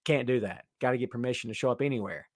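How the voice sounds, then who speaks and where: A man hosting a casual live wrestling podcast, reading the chat and teasing viewers by name in an animated way. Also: medium pitch, quick pace, dry recording, clean studio sound.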